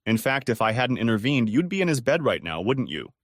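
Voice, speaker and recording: A man doing a calm, firm spirit guide. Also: medium pitch, fairly quick, dry recording, studio quality. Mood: probing.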